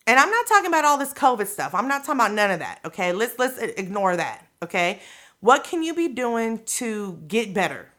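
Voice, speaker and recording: Bright-voiced woman giving pep talk. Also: fairly high pitch, very animated, fairly quick. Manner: direct, coaxing, frequent "okay?" and "you know what I'm saying?"; colloquial, slangy delivery. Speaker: podcast host. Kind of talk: casual motivational monologue.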